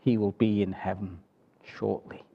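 A man preaching a sermon in a deliberate, emphatic way, often closing points with rhetorical tag questions. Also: lowish voice, fairly even intonation, vocal fry, highs cut off.

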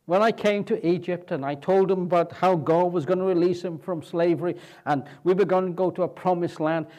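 A man's voice: high-pitched, fairly even intonation, brisk, mellow, dull audio, close to an everyday voice. A man preaching and voicing an exasperated, fearful aging prophet who is fed up with his people. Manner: complaining, rising exasperation.

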